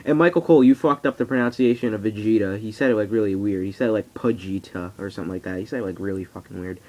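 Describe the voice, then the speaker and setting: A teenage boy in a casual vlog, rambling excitably and swearing freely. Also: fairly low pitch, very fast, poor audio. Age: teens. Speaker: vlogger. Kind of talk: casual wrestling reaction vlog. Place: at home on camera.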